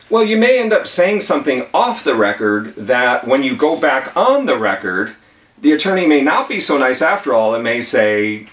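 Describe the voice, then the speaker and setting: A man teaches legal tips at a whiteboard, talking in a casual, emphatic way and repeating his key points. His voice sits at an ordinary middle pitch. It is picked up from some distance away in a roomy, echoing room. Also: big pitch swings, moderate pace, fairly bright tone. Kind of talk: whiteboard lesson. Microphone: camera mic at a distance.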